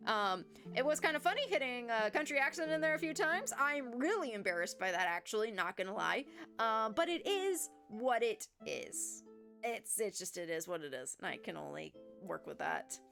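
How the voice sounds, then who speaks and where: A woman's voice: fairly high pitch, moderate pace, creaky. A young adult woman streamer chatting animatedly and laughing at herself as she wraps up her stream. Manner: animated, self-deprecating. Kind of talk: casual stream outro. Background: faint music.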